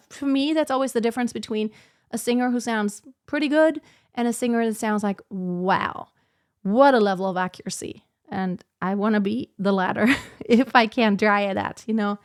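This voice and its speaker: A woman's voice: a little high, moderate pace, no echo, clean studio sound. A woman who sings lyric coloratura soprano, talking herself through an aria practice session. She is self-critical and breaks into short sung demos. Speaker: singing teacher practicing an aria. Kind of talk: thinking-aloud practice commentary.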